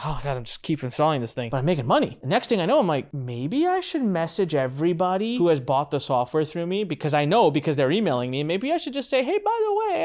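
A man in his forties hosting a podcast, telling his own story in a chatty, enthusiastic way with many casual fillers. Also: sits high. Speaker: podcast host.

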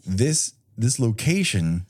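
A man's voice: medium pitch, very animated, takes it slowly, a little mellow, slightly rough. A man co-hosting a podcast, chatting casually about a movie with sarcastic, profane jokes and mocking put-on quotes. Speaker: podcast co-host. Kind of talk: casual movie-review chat.

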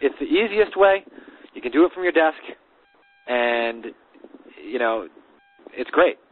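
A man's voice: mid-range voice, lively intonation, unhurried. A man co-hosting a casual business talk, confidently telling how he handles deals and repeating words while thinking, heard over a phone line. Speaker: podcast co-host. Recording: dry phone-line sound.

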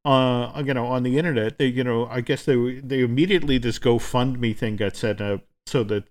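A man's voice: medium pitch, fairly even intonation. Chatty man telling a long story. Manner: storytelling, halting with restarts. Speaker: podcast co-host. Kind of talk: casual chat.

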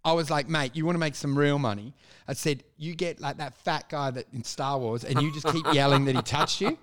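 A man chatting casually and crudely, joking and acting out quick voices. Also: a little high, fairly bright tone. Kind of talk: casual comedic chat.

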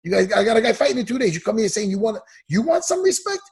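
Male fight coach, podcast regular. Gravelly, high-pitched voice, profane ranter. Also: racing. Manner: profane, heated ranting. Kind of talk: casual chat.

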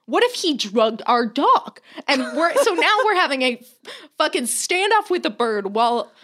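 Young female podcast co-host, slightly high voice, animated, filler-heavy storyteller. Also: normal speed. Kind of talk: casual chat, telling a long anecdote.

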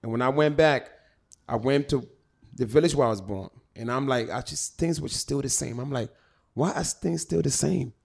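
A man's voice: mid-range voice, normal speed, vocal fry. A middle-aged man from Ghana, a comedian telling profane, jokey stories in casual chat. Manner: animated, profane, jokey storyteller. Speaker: comedian guest.

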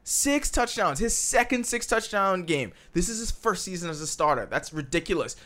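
A man hosting casual sports talk, excitable and emphatic, often cutting in over others. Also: high voice, normal speed.

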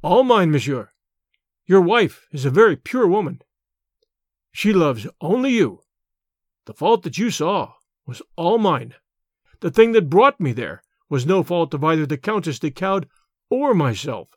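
A man reading an audiobook, voicing a calm, chivalrous jungle-raised gentleman who speaks in a measured, formal way. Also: a little high, no room sound, studio quality. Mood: earnest.

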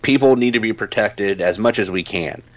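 Animated low-voiced man ranting on a podcast. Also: normal speed, no echo, dull audio. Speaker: podcast co-host. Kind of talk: casual podcast chat.

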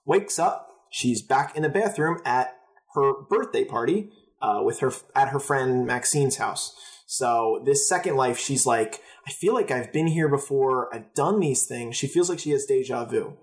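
A man's voice: medium pitch, expressive, measured pace. A young man co-hosting a podcast, steadily narrating a show's plot in casual chat. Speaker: podcast co-host.

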